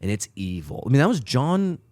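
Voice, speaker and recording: A man co-hosting a church podcast, telling stories in casual chat with an emphatic, animated manner. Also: mid-range voice, a little fast, dry recording.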